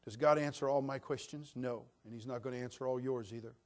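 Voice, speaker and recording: A man preaching a sermon as a pastor, animated, dropping to a hush and then rising to near shouting. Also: mid-range voice, quick pace. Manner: animated, swings from hushed to shouting.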